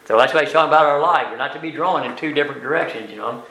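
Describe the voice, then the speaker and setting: An older man leading a Bible study class, explaining verses word by word in a plain, folksy way with many pauses and fillers. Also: a little high, pushed and bright. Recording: echoey room.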